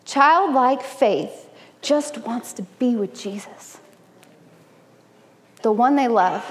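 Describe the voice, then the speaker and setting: A woman in her thirties giving an animated, personal sermon-style talk at a church gathering, mixing scripture with stories from home. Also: on the high side, takes it slowly. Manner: animated, personal and humorous preaching. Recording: long reverb in a hall.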